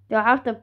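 A woman unboxing a new phone for her vlog, talking casually with sarcastic, grumbling asides. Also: phone-quality sound. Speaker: vlogger.

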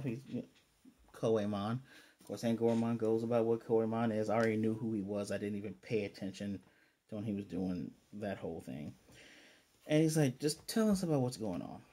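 A man casually reviewing an anime episode on his own channel, rambling enthusiastically and quoting characters in quick asides. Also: mid-range voice, dark tone. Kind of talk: casual solo video review.

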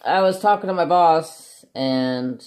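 A woman's voice: low-pitched, slow, a little mellow. A woman craft vlogger in casual, rambling chat, laughing often and swearing freely.

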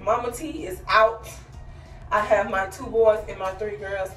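A woman's voice: medium pitch, steady tone, unhurried, recorded from a distance, background noise. A young adult woman and mother of five, tired and out of breath, chatting casually to her viewers in a vlog outro. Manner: chatty, addresses viewers as y'all. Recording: roomy echo, from off-mic, faint music.

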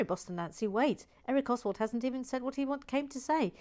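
A woman's voice: high voice, lively intonation, brisk, darkish tone. Chatty woman hosting a build stream. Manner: chatty and playful, with frequent asides and fillers. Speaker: host of a brick-building stream. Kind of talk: casual chat reading out viewer comments.

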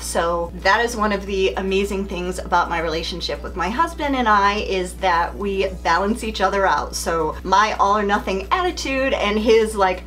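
A woman's voice: medium pitch, normal speed, few pauses, a bit bright, faint music behind. A middle-aged woman speaking as a beauty vlogger, telling a story in a chatty, candid way straight to the camera. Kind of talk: casual beauty vlog storytelling.

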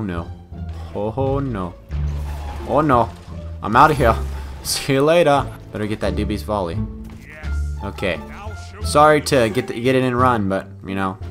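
A young man giving live commentary over his own video game match, muttering one moment and shouting the next. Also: on the low side, unhurried, pauses often, soft background music. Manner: excitable, swings from mutters to loud outbursts. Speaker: gaming YouTuber.

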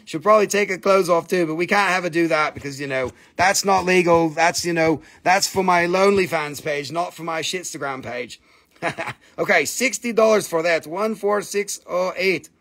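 A slightly high-voiced man runs a live crystal sale. His chat is casual and full of jokes and crude asides, and he croons over the stones as he shows them. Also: moderate pace, fairly bright tone. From Appalachian Valley, United States. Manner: joking, crude asides, sing-song crooning. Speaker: live stream crystal seller.

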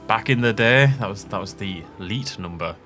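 With a lowish voice and a moderate pace, a man hosts a gaming channel. His let's play commentary is casual and full of jokes, wandering into asides and broken up by frequent laughter, all over game music.

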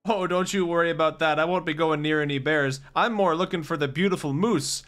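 A man's voice: fairly high pitch, a little fast, a bit bright, close to an everyday voice. A man voicing a chirpy, folksy camper with a put-on upper-Midwest twang, sing-song and overly friendly, over game music.

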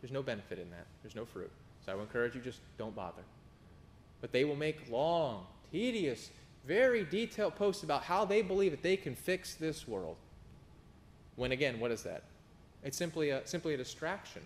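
Guy pastor preaching, goes up loud on the verses then low n chatty, faint rumble behind. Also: lively intonation, moderate pace. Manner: emphatic preaching, rising for scripture, dropping low for anecdotes. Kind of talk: sermon.

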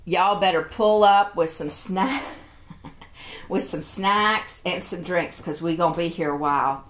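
A woman's voice: lowish voice, measured pace. A woman, chatting casually while unboxing toys and cooing over each one. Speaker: toy collector vlogger.

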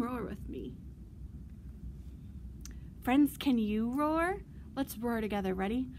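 High, slow-talking children's librarian woman. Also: a little hiss or hum. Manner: slow, singsong and animated, with loud playful roars. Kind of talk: virtual storytime for children.

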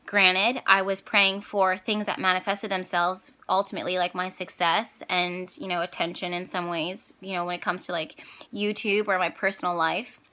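Bright-voiced woman telling a personal story. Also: on the low side, normal speed. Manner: expressive, emotional, chatty. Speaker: spiritual vlogger and reader. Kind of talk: casual storytelling to viewers.

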